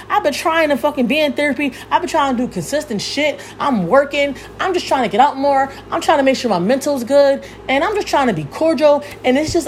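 Heated high-pitched young woman ranting. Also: a little hiss or hum. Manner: heated, cursing freely, yelling at times. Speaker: podcast host. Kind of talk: profane rant.

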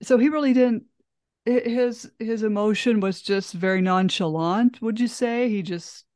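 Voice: mid-range voice, unhurried, darkish tone, no room sound, studio quality. A podcast host who agrees with her guest and often adds short "mm-hmm" replies. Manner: agreeing, frequent backchannel "mm-hmm". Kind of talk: conversational interview.

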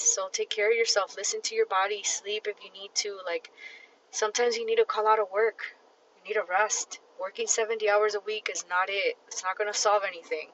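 A woman hosts a casual solo podcast, tired but blunt and emphatic, swearing freely as she talks straight to the listener. Her voice is bright and forceful. The recording sounds dull and lo-fi. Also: mid-range voice, a little hiss or hum. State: tired and fatigued. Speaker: podcast host.

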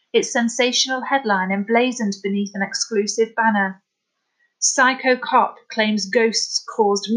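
A woman narrating a novel as an audiobook in a steady, dramatic storytelling manner. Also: fairly high pitch, low-quality recording.

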